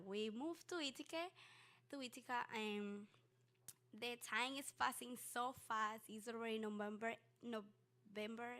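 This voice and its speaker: A young woman whose first language is Spanish, with a Spanish accent, telling a personal story on stage in a halting way with many fillers. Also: mid-range voice, fairly bright tone. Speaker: student storyteller.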